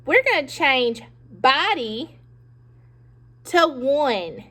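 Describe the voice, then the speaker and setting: A woman teacher giving a phonics lesson to young children, slow and encouraging, pausing for them to repeat words. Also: high voice, big pitch swings, fairly bright tone. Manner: slow, encouraging, with pauses for pupils to echo.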